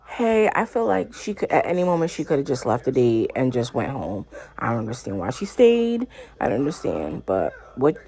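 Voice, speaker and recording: A woman putting on a loud, deliberately deep commentator voice, speaking from some way off the mic. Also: sing-song, creaky, full character voice. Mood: booming.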